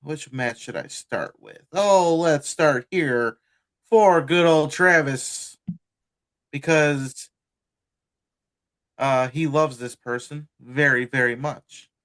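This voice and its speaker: A man co-hosting a podcast, reading event details slowly with a laugh now and then. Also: on the high side, a bit bright. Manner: slow, drawn-out reading with laughs. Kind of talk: casual podcast chat.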